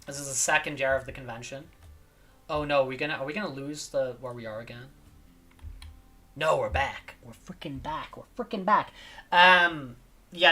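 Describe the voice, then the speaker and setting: Bright-voiced, rambling laid-back streamer. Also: medium pitch. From not from Spain, lives in Spain. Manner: rambling, repeats phrases, lots of "dude" and "like". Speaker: livestreamer. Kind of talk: casual stream chat.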